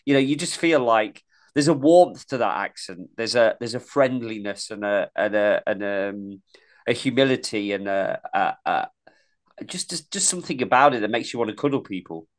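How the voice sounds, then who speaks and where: Brief: male co-host, mild East Midlands accent, lowish voice, chatty and rambling. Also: animated, normal speed. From East Midlands, England. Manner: rambling, many restarts and repeated words. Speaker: podcast co-host. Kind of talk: casual chat.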